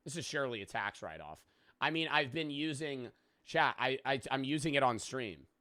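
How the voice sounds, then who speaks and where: A man's voice: medium pitch, lively intonation, normal speed, bright, forceful tone, no echo. A young adult man chatting casually on a live stream, rambling and joking, swearing freely and thanking viewers for subs.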